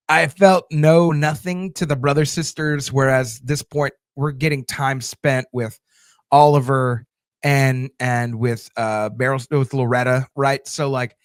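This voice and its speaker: A man's voice: mid-range voice, no room sound, clean studio sound. A man hosting a TV show review channel, casually answering viewer comments with lots of fillers and restarts. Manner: loose, chatty, many fillers and restarts.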